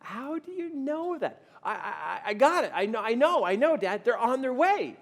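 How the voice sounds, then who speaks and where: An eager little boy full of faith, as his father puts him on in a storytelling talk, speaks in a high, bouncing voice that leaps up with excitement. He is insistent and sure of himself. The sound rings with a long hall echo. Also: normal speed, vocal fry, heavily acted.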